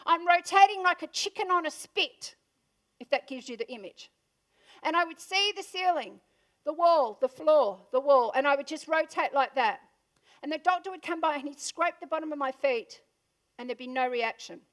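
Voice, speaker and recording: Speaking to a live audience in an event room, a high-pitched Australian woman gives a punchy motivational keynote and keeps asking the crowd questions. Her voice is a bit bright, with lively intonation and a moderate pace.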